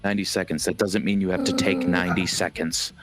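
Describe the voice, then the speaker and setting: A man co-hosting a podcast, tossing out deadpan one-liners in casual chat. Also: low voice, fast, faint music behind. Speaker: podcast co-host.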